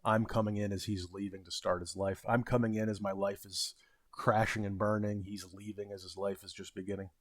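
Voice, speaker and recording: A man in his thirties with a fairly low voice rambles through a work story, full of fillers, restarts and self-deprecating asides. The sound is dry and close, with no room echo. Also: little pitch movement, fairly quick. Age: 30s. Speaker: vlogger. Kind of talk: casual storytelling.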